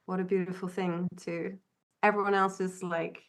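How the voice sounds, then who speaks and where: A woman's voice: fairly low pitch, flat delivery, moderate pace. A woman co-hosting a podcast, telling a personal story in an earnest, searching way that often stops and restarts. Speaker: podcast co-host. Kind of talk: reflective conversational storytelling.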